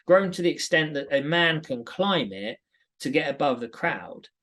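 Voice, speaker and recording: Male podcast co-host from Britain, higher register, animated casual commentary. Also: moderate pace. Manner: chatty, animated storytelling with many "like"s. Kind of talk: casual Bible commentary chat.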